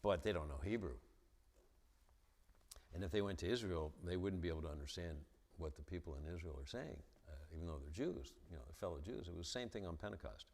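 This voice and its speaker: A man's voice: sits low, quick pace, a little mellow, big-room sound. A man giving a lecture-style talk at a church, stuttering and repeating the starts of his sentences. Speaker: guest speaker at a church. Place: church hall with an audience.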